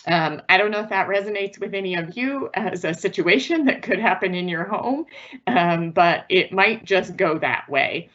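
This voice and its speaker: A woman's voice: fairly low pitch, expressive, normal speed, fairly bright tone, highs cut off. A woman giving a virtual parenting presentation in an earnest, patient, instructive way. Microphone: video call.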